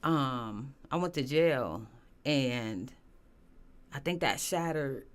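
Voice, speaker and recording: A woman's voice: rumbling low, animated, takes it slowly, smooth. A woman, a guest candidly telling a personal story, often saying "you know". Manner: earnest, candid, many "you know" fillers.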